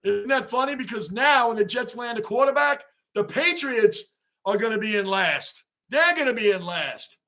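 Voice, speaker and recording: A man hosting a casual livestream, reacting to a basketball game and chatting with viewers, getting excited and shouting at big plays. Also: very high-pitched, moderate pace. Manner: excitable, shouts at big plays, reads chat names aloud. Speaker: livestream host. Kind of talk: casual live-chat sports reaction.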